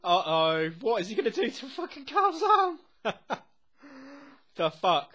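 A young man reacting to a TV episode as he watches. He talks excitedly, swears constantly and often laughs. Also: extremely high pitch, unhurried. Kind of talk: live reaction commentary.

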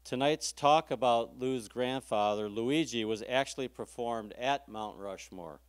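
A man's voice: mid-range voice, measured pace, smooth, dry recording. A man giving a formal scripted introduction of the evening's speaker. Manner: formal announcing. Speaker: event presenter introducing the speaker.

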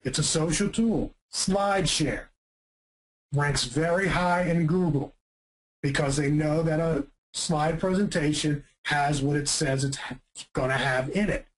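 A man giving an energetic marketing presentation, emphatic and punchy, often asking rhetorical questions. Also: a little high, measured pace, low-quality recording.

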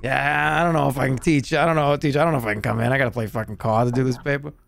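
A man's voice: medium pitch, fairly even intonation, racing, gravelly, a bit bright. A man doing a crude Boston slacker. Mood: brash. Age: 40s. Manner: brash, swearing, dismissive drawl. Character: lazy loudmouth male student, crude and careless.

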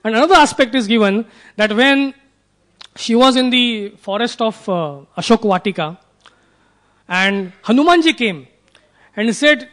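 A man delivers a sermon in a relaxed, conversational way, often pausing to seek his listeners' agreement. His voice sits noticeably high for a man. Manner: conversational, asks the audience for assent. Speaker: preacher.

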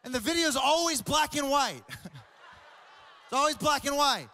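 A young adult man preaching a comedic sermon, animated and joking, often repeating words. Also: very high voice, normal speed, gravelly, some chatter behind. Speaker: pastor. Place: large church auditorium. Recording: reverberant church hall.

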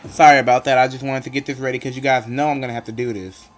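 A man giving live gameplay commentary in a jokey, excitable way, bursting into loud outbursts and then muttering low. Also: very fast, faint music behind. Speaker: gaming commentator.

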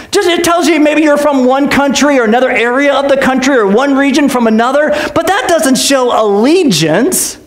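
A male pastor preaching a sermon in a church, animated and joking, with sarcastic asides. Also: extremely high pitch, normal speed, few pauses, roomy sound.

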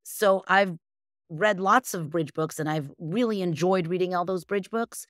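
A woman's voice: fairly low pitch, measured pace, no echo, clean studio sound. A woman from the United States, a guest on an interview show, answering casually and rambling with lots of fillers and restarts. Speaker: guest, bridge champion.

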